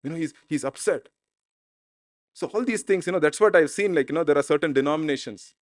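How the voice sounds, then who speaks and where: A man's voice: on the high side, fairly quick, no echo. A man preaching a sermon as pastor in an informal, conversational way. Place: church.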